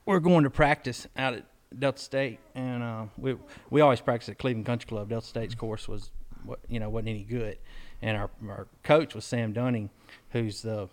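A man's voice: mid-range voice, fairly even intonation, moderate pace, few pauses. Folksy man telling stories. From Mississippi, US. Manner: rambling and folksy, with restarts and acted-out quotes. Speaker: podcast co-host. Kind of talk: casual storytelling chat.

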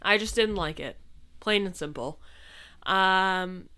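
Woman, podcast co-host, casual movie review, crisp bright tone, hesitant delivery. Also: medium pitch, slow pace. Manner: hesitant, frequent "yeah" and "uh".

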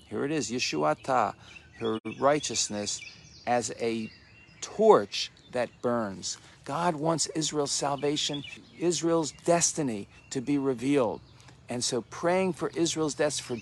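A man's voice: medium pitch, a little hiss or hum. Conversational man teaching scripture. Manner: conversational, many restarts, slows to read scripture. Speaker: messianic teacher. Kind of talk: devotional teaching.

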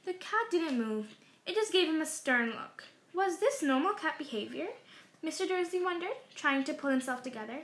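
A woman reading a story aloud in a measured way, slowing down for dramatic phrases. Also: high voice, expressive, fairly bright tone. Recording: roomy echo.

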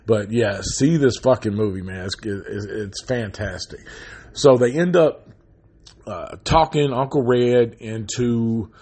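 A man recapping a horror movie in a casual, rambling, heavily profane way that turns loud and animated when he rants. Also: mid-range voice. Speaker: movie reviewer.

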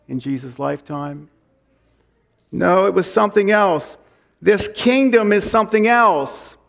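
Casting: pastor, man, high voice, preaching a sermon with deliberate repetition. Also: gravelly. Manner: slows and repeats lines for emphasis; reads scripture aloud.

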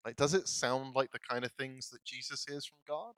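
A man's voice: mid-range voice, normal speed, fairly bright tone, clean tone, dry recording, poor audio. A male pastor giving a casual, self-deprecating sermon, laughing often as he talks. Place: church.

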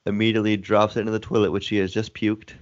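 A man's voice: on the low side, little pitch movement, rapid-fire, highs cut off. A man co-hosting a casual movie recap chat, easygoing, adding scene details. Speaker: podcast co-host.

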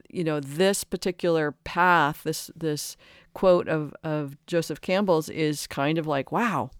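A person in their sixties giving a reflective spiritual talk, earnest and halting, often restarting and correcting themselves. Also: medium pitch, smooth, no room sound, studio quality. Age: 60s.

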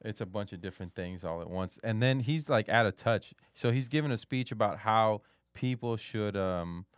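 A man's voice: lowish voice, moderate pace, clean tone, no room sound, clean studio sound. A man co-hosting a podcast in casual chat, explaining news stories with lots of fillers and restarts. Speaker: podcast co-host.

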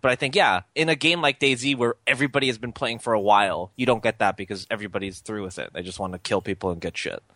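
A man co-hosting a gaming podcast, talking excitably in casual chat, often restarting and swearing. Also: on the low side, quick pace, hardly any pauses, no room sound. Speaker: podcast co-host.

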